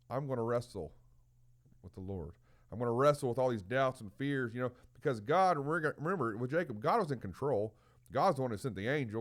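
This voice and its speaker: A man giving an informal, earnest sermon, retelling stories with frequent restarts and "you know" fillers. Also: fairly low pitch. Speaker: preacher.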